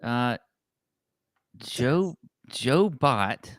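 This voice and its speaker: A man's voice: mid-range voice, lively intonation, drawn-out words, a bit bright, dry recording, clean studio sound. A man co-hosting a podcast in casual chat, teasing his partner with wry banter. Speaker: podcast co-host.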